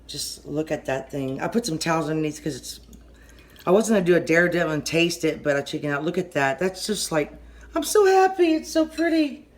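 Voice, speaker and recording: A middle-aged woman with a Southern US accent giving a casual kitchen how-to, rambling and halting, often stopping mid-sentence to restart. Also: deep voice. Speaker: home cooking channel host.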